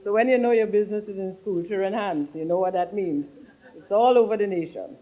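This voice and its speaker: A man's voice: high-pitched, brisk, phone-quality sound. A man speaks casually from a podium as a tourism minister, chatty and joking with frequent tag questions. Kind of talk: informal podium speech.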